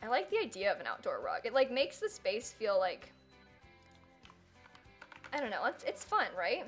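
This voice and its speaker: A woman's voice: fairly high pitch, wildly swooping pitch, moderate pace, fairly bright tone, faint music behind. A young woman streaming live and chatting casually, who keeps dissolving into giggles and helpless laughter.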